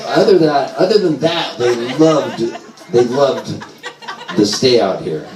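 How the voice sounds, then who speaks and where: A man's voice: mid-range voice, expressive, slow. A man spins rambling anecdotes on a small bar stage and chuckles his way through them. He sounds set back from the microphone, and his voice rings around the room. The crowd around him laughs and murmurs. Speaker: singer-songwriter telling stories on stage. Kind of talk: live stage storytelling. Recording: roomy live venue mic, from a distance, audience heard. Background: audience laughter and chatter.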